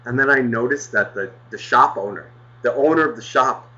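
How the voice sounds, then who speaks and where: Brief: male podcast co-host, sharp bright voice, foul-mouthed exasperated storyteller, muffled lo-fi audio. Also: medium pitch, normal speed. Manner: profane, exasperated, heavy swearing. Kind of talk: casual storytelling rant.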